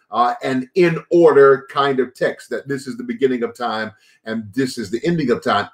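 A man pastor giving a daily devotional sermon, repeating phrases and pausing with fillers and restarts. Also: a little high.

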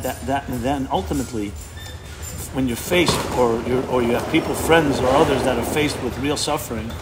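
A man's voice: medium pitch, background noise. A man speaking as a rabbi, giving an impassioned sermon to an audience, emphatic and often breaking off to restart his words.

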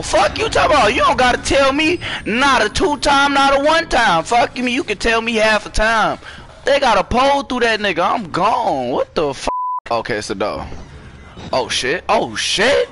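Casting: young male gaming streamer, profane and jumpy, high and very animated. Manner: profane, excitable, jumpy with screams. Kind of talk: horror gameplay commentary.

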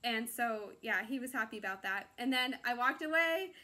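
Woman, slightly high bright voice; casual rambling testimony, many "like"s, acts out her own thoughts. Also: lively intonation. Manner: rambling, filler-heavy storytelling with many "like"s; acts out her own inner voice in quick quoted asides. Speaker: parishioner sharing a testimony.

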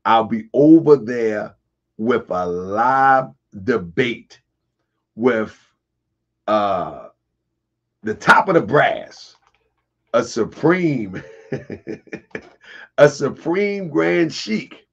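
A man hosting a casual livestream, husky and getting over a cold, talking to viewers, laughing often and answering chat comments. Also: medium pitch, sing-song, drawn-out words, pauses often, muffled recording. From Baltimore area. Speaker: livestream host.

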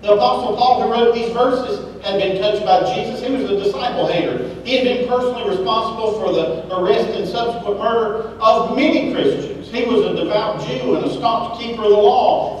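A high-voiced man preaches a sermon from well back in a big church sanctuary, his words ringing around a very echoey hall. He swings between loud, emphatic exclamations and hushed, low lines. A faint hiss sits under the recording. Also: brisk, hardly any pauses, distant mic. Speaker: pastor.

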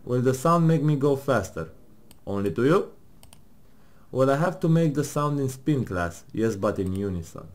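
Here the man's pitch sits in the middle, and his delivery is expressive at a moderate pace. Reading game text aloud with mock gravity, he banters with his partner, laughing and cursing along the way.

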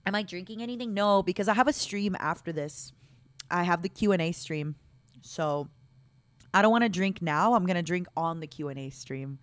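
A woman's voice: fairly low pitch, normal speed, dry recording. A young woman streaming a game, chatting casually with viewers and thanking them in a playful, chatty way. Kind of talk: casual live-stream chat while gaming.

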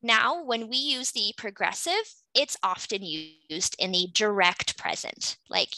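A woman's voice: medium pitch, slow, hardly any pauses, sharp tone, dry recording, poor audio. A Canadian woman teaching an English class over a video call, patiently explaining grammar and calling on students.

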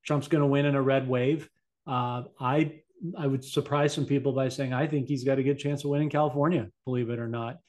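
An easygoing male host in a relaxed conversation, speaking in a middle register. He lays out his views with calm confidence and adds a little housekeeping along the way. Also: medium pitch, a little fast. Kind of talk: casual chat.

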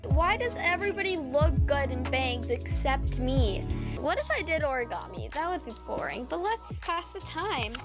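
A young woman from California chatting casually on a solo livestream, rambling and deadpan with self-mocking asides. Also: sits high, moderate pace. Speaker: streamer. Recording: music playing behind.

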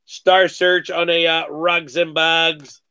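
A man hosting a live sports card break, calling out each card with excited slang and cursing. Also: on the high side, clear, resonant tone, no room sound. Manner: excited, calls out cards rapidly with slang and cursing.

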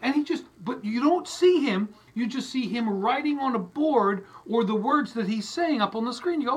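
A man's voice: extremely high pitch, animated, moderate pace, hardly any pauses, husky, poor audio. A man, a radio host, giving an exasperated comic rant and acting out little scenes as he goes.

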